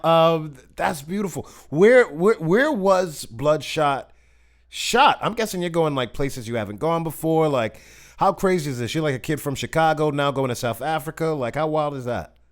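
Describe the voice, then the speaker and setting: A man's voice: fairly high pitch, animated, normal speed. A man hosting a casual interview chat, asking rambling, joking questions with many restarts. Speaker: podcast host.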